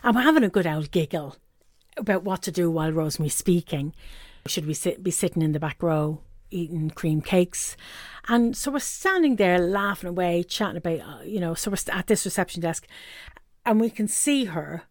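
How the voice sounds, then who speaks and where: A woman's voice: on the low side, expressive, moderate pace, darkish tone, no room sound, clean studio sound. A middle-aged woman, hosting a podcast and telling a story in a chatty way, laughing often. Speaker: podcast host. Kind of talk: casual storytelling.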